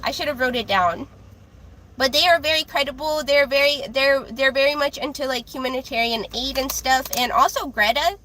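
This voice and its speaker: A woman with a high, childlike voice reads tarot on a live stream. She talks in loose, casual chat that is full of fillers and restarts. Her tone stays bright and sharp throughout. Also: normal speed, poor audio.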